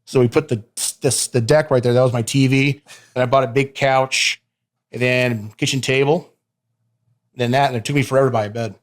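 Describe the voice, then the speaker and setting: In an interview studio, a professional wrestler sits for a casual chat, speaking brisk and mid-range with a steady tone. He's rowdy and loose, laughing a lot, swearing freely, and calling the host "babe".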